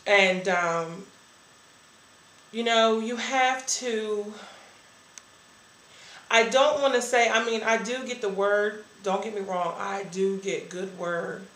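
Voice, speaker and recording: A woman's voice: medium pitch, slow, pauses often, a bit bright, echoey room, poor audio. A woman giving a candid, earnest personal testimony about her church life. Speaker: church member sharing a testimony.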